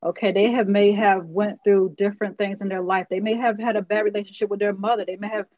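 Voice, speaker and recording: A woman's voice: mid-range voice, little pitch movement, fast talker, no echo. Emotional woman host, lo-fi dry sound. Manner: warm and affirming, gets emotional. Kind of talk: casual group discussion.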